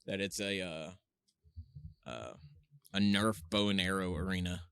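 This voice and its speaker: Low-voiced animated podcast guy. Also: a little slow, vocal fry, clean tone, no echo, studio quality. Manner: animated storyteller, swears, laughs often. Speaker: podcast co-host. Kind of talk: casual chat.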